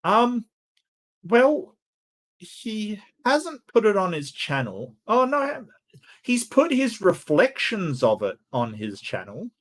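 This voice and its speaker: A man's voice: high-pitched, wildly swooping pitch, slow. A man hosting a debate review, talking in casual, sarcastic commentary with laughing asides.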